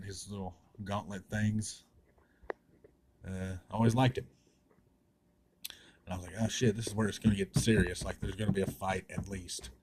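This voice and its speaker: A man's voice: lowish voice, darkish tone, slight background noise. Profane sarcastic male comic reviewer. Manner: sarcastic, blunt and swearing.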